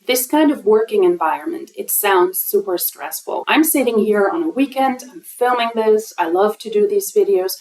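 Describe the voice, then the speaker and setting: A woman's voice: medium pitch, lively intonation, moderate pace, few pauses, darkish tone. A German-speaking woman with a German accent, commenting on a recording in an exasperated, mocking way. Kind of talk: reaction commentary. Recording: roomy room sound.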